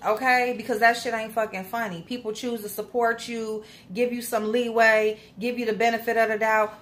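A woman's voice: fairly high pitch, little pitch movement, normal speed, few pauses, fairly bright tone, faint music behind. A young woman, giving a blunt, scolding, profane commentary rant in a casual vlog. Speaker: commentary vlogger.

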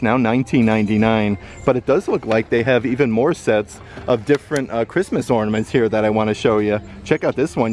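A man's voice: medium pitch, darkish tone. A man filming a casual shopping vlog in a store, upbeat and enthusiastic as he shows items and their prices. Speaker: vlogger. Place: indoor retail store.

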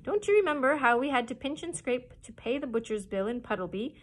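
A woman's voice: high voice, lively intonation, fairly quick, voice pushed up. A woman voicing a bossy female duck housekeeper who scolds and insists, reading a storybook aloud. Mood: scolding.

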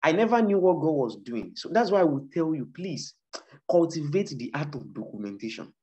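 A Nigerian-accented author talks about his book in an emphatic, preaching style, repeating his points to exhort listeners. His voice runs on the high side with big pitch swings, fairly quick and dark-toned, on a dull lo-fi recording.

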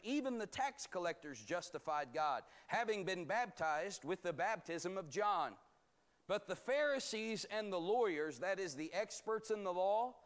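A man teaching a bible study as pastor, reading scripture aloud and explaining it in a measured, emphatic way. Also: sits high, fairly bright tone. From United States.

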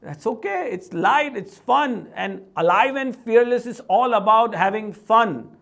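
A man with a high voice and an Indian English accent talks straight to camera in a casual, motivational style. He is middle-aged and animated, and he keeps dropping into quick, playful impressions of the people he describes. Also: vocal fry. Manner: animated, breaks into playful voices of family and colleagues. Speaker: vlog host. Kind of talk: casual motivational vlog talk.

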